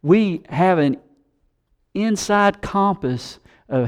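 Man preaching, lively, slightly high voice, animated delivery. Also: unhurried. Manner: animated, acts out quoted scoffers. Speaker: pastor. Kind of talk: sermon.

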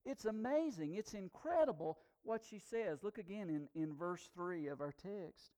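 A man preaching a sermon as pastor, swinging between hushed passages and loud, emphatic declarations. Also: high-pitched, animated, normal speed.

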